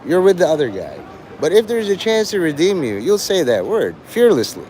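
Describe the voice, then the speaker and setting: A man's voice: on the high side, very animated, normal speed, darkish tone, a little hiss or hum. A man hosting a livestream, lecturing and taunting his chat like a mock teacher.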